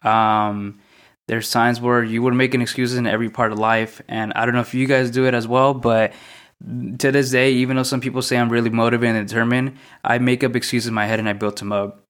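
A young man hosting a solo podcast, talking through his thoughts in a mostly monotone, reflective way, often repeating questions. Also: medium pitch, fairly quick, clean tone. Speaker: podcast host.

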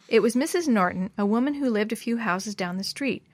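A woman narrating a children's storybook in a gentle, expressive read-aloud manner. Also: medium pitch, quick pace, hardly any pauses, no echo. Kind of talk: storybook reading.

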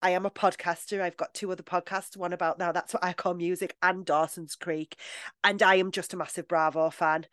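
A British woman co-hosting a podcast in a lively, enthusiastic way. She laughs easily between thoughts. Her voice sounds close and dry, with almost no room around it. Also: on the low side, brisk, no echo. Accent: British English. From Britain. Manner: chatty, enthusiastic, laughs often. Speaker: podcast co-host. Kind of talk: casual chat.

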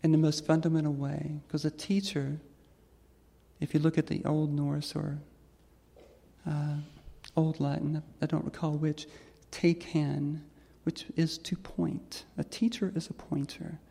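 Gravelly, husky trans woman telling a story. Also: low voice, little pitch movement, a little slow. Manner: reflective and gentle, with soft laughs. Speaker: storyteller on stage. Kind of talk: personal story told to an audience. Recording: long hall reverb.

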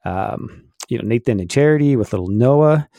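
A man's voice: medium pitch, expressive, moderate pace, dark tone, dry recording. A middle-aged man co-hosting a casual faith podcast, explaining at length with many fillers. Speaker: podcast co-host.

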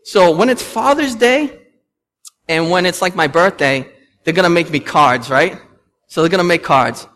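Animated preaching man, reverberant church. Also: fairly high pitch, normal speed. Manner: animated preaching, rising and falling with emphasis, asking the congregation questions. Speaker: pastor. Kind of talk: sermon. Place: church sanctuary.

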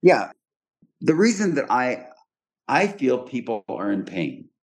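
A man's voice: medium pitch, big pitch swings, takes it slowly. A man hosting a podcast, explaining his coaching approach in a direct, explanatory way with frequent restarts. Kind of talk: casual podcast talk.

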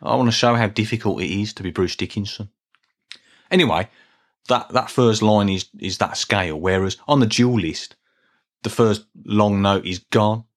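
Speaking at an ordinary pace in a voice on the low side, a middle-aged man hosts a solo podcast. The talk is relaxed and wandering, self-deprecating, with minor restarts along the way.

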